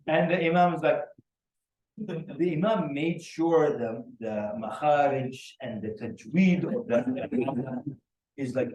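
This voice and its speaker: A man teaching a workshop, his voice a touch high for a man. He tells lively stories and mimics the people in them. He is heard from a distance in a roomy, echoing room. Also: moderate pace. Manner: animated storyteller who acts out the people in his stories. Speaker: workshop speaker. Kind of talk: anecdotal teaching talk. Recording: roomy echo, mic at a distance.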